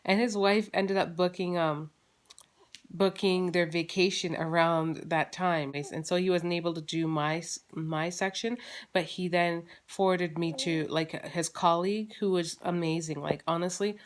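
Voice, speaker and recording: A woman's voice: fairly low pitch, fairly even intonation, unhurried. A woman in her thirties, a mother and vlogger, chatting casually to camera at home with lots of fillers and restarts. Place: at home, holding her baby.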